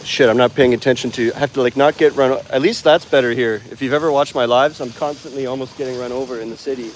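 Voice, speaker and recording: This English teacher and vlogger chats on a live stream as he strolls a city street, phone camera in hand. He talks fast in a mid-range voice with fairly even intonation, rambling with many fillers over slight background noise.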